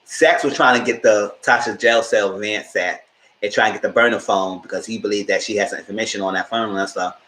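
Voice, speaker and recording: A man giving a casual live stream recap of a TV show, retelling scenes in a lively way and acting out what the characters say. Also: lowish voice, brisk, roomy sound. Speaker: TV show reviewer.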